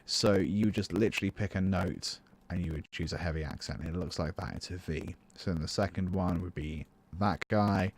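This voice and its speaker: A man's voice: low voice, moderate pace, hardly any pauses, a little hiss or hum. A British man, a music teacher, chatting casually through a live-streamed composition tutorial and answering viewers as he works. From United Kingdom. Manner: chatty, thinks aloud, answers chat between steps.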